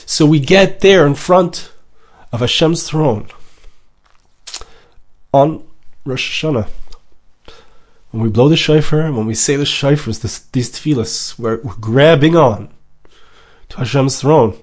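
A man's voice: mid-range voice, slow, long pauses, a little mellow. A man speaking as a rabbi, delivering an emotional sermon, emphatic and repetitive, with Hebrew terms woven in.

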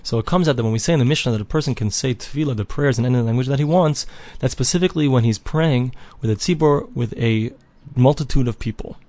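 Man, Talmud teacher, reads then translates, mid pitch, dry close recording. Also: fast, hardly any pauses, a little mellow, no echo. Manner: reads each phrase of the text, then translates and explains it. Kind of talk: daily page Talmud lesson.

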